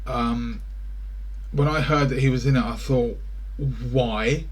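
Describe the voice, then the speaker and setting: A man's voice: mid-range voice, steady tone, measured pace. A British man rambling through a casual reaction to film trailers, full of wry asides, recorded indoors in front of a greenscreen.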